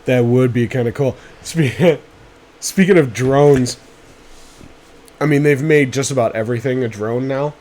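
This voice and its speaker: A man hosting a casual chat, talking excitedly, swearing freely and often trailing off and restarting. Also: medium pitch, measured pace, long pauses. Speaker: podcast host.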